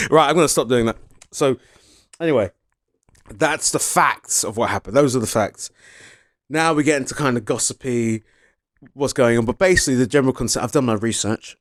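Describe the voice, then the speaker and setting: Male vlogger, casual motorsport commentary, mid pitch, dry close-miked sound. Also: a little fast, long pauses, no echo. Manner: chatty, self-deprecating, trips over words. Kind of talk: casual opinion vlog.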